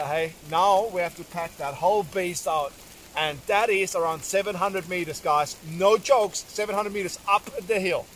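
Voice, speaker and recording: A man's voice: high-pitched, a bit bright, a little hiss or hum. A man, talking casually to camera on a hunting vlog outdoors in wet bush, swearing now and then. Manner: casual, swears, talks to viewers as guys. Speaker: hunting vlogger.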